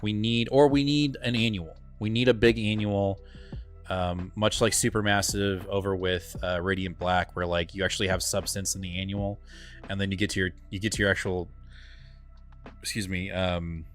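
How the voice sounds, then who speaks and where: A man with a lowish voice rambles excitedly through a casual live-stream chat. He co-hosts a comic book show and drops filler words and casual swearing as he goes. Faint music plays behind him. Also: normal speed.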